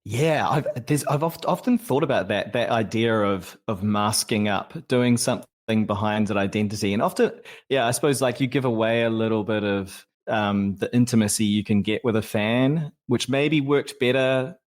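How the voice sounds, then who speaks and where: A man in his thirties with a New Zealand accent speaks as an interview guest. He talks in a relaxed, thoughtful way, pausing and restarting as he thinks. His voice sits on the low side. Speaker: musician guest. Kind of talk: casual interview chat.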